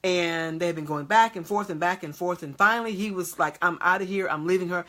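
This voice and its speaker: A woman's voice: fairly low pitch, a little fast, pushed and bright. A woman preaching an emphatic motivational sermon, repeatedly checking in with her audience.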